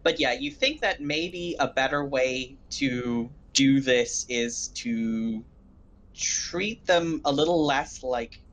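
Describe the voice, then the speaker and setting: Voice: medium pitch, slow pace, fairly bright tone, low-quality recording. A game master running a tabletop game, making playful, matter-of-fact rulings.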